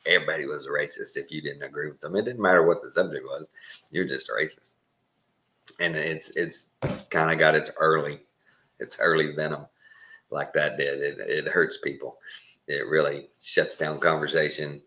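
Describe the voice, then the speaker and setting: A man's voice: very deep voice, steady tone, normal speed, bright, forceful tone. A Texan man talking in a rambling, casual monologue, chuckling and mimicking other people's voices as he goes. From Texas. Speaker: channel host.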